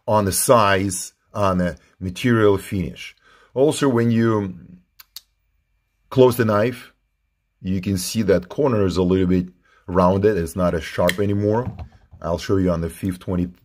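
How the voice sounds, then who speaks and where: Low-voiced man reviewing knives. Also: measured pace. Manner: informal, repeats himself while handling the knife. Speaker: knife reviewer. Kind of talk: casual product review.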